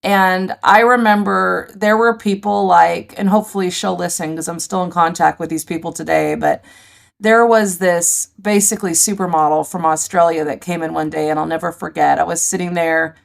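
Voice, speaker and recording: Gravelly, low-voiced woman telling stories. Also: moderate pace. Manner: animated, vivid storyteller, laughs easily. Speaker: podcast guest. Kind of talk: conversational storytelling.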